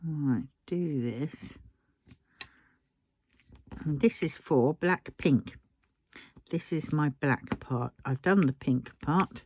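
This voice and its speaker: Speaking extremely slowly with long pauses, a British crafting vlogger talks casually as she diamond paints. She rants heatedly with frequent swearing, and her pitch bounces up and down when she gets worked up.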